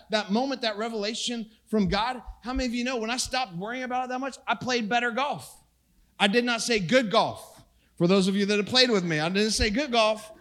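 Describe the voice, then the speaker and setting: Middle-aged pastor guy, pretty high voice, chatty sermon that gets quiet then loud, pokes fun at himself. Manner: casual, self-deprecating, swings between hushed and loud. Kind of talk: conversational sermon.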